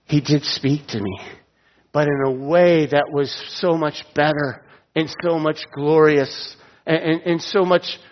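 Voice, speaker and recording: A middle-aged man with a slightly high, steady voice preaches at a somewhat slow pace. He shares stories, asks his audience direct questions, and chuckles at his own humor, all heard through dull audio with long hall reverb.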